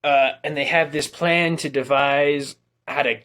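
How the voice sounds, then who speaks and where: A young man casually reviewing a movie, retelling its scenes in an animated way and quoting the characters with plenty of "like.". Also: a little high, a little slow, slight background noise. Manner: animated storytelling, quotes characters with filler "like".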